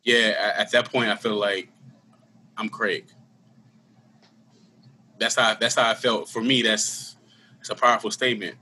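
Man guest, low voice with a very bright edge, candid and slangy, faint room noise. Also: steady tone, measured pace, long pauses. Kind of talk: casual conversation, personal storytelling.

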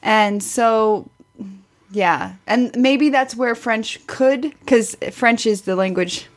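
A woman's voice: a little high, slow pace. A woman from Southern Missouri with a Southern Missouri accent, co-hosting a podcast in a casual, enthusiastic chat and laughing easily. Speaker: podcast co-host.

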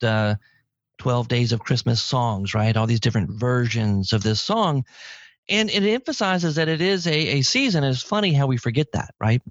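A man hosting a podcast in casual chat, lively and talkative, with sudden jumps in pitch. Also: no echo. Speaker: podcast host. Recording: dry, slightly dull lo-fi audio.

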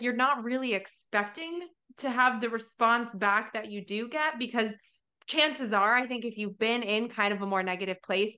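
Woman podcast host; bright, forceful tone, casual and rambling delivery. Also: medium pitch. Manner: chatty, rambling, heavy use of "like". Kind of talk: casual faith podcast chat.

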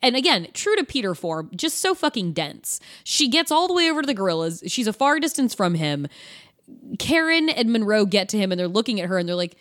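A woman's voice: mid-range voice, fairly quick. A woman co-hosting a podcast, casually recapping a movie with sarcastic, profane asides. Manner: animated, profane, sarcastic retelling. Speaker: podcast co-host. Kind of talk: casual chat recapping a film.

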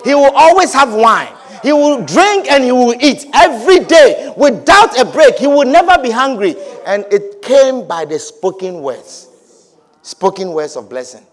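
A man preaching a sermon as a pastor, swinging between quiet, drawn-out words and shouted blessings. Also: extremely high pitch, big pitch swings.

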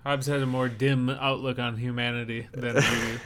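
A man's voice: mid-range voice, little pitch movement, moderate pace, background noise. A man co-hosting a podcast, making dry, wry remarks in casual chat. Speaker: podcast co-host.

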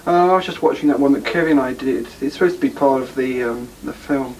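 A man's voice: medium pitch, fast, darkish tone, distant mic, rough recording. A man chats to his viewers in a rambling, self-deprecating way, full of ums and asides. He sits a bit back from the microphone, with faint hiss. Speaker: podcast host. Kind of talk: casual address to viewers.

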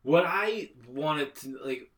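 Man, bright forceful voice, rambling, casual podcast chat, lots of swearing. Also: a little high, expressive, takes it slowly. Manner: rambling, filler-heavy, profane. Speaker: podcast co-host.

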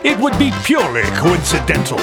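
A man's voice: fairly high pitch, huge pitch swings, a little fast, creaky, over loud music. A man delivering a podcast disclaimer in a sing-song, mock-formal way.

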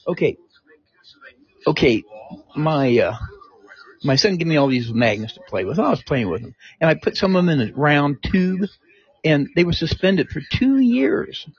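Older man, slightly high husky voice, plain-spoken rambler, dull home recording. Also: darkish tone. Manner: folksy and rambling, plain-spoken with many restarts. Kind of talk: rambling personal monologue.

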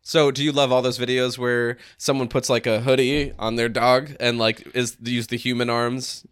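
A man's voice: mid-range voice, flat delivery, moderate pace, a bit bright, smooth, no room sound, clean studio sound. A man hosting a casual podcast, wry and teasing, laughing a lot. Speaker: podcast host. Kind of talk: casual chat.

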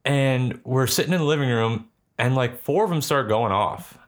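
A man's voice: medium pitch, moderate pace. A young man casually telling a ghost story, rambling and swearing with lots of filler words.

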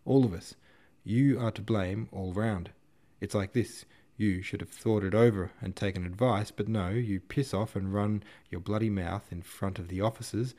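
A man reading the part of a gruff older army staff captain who lectures a young officer in coarse slang. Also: lowish voice, normal speed, mellow, natural voice. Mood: scolding. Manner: scolding, earnest, coarse slang.

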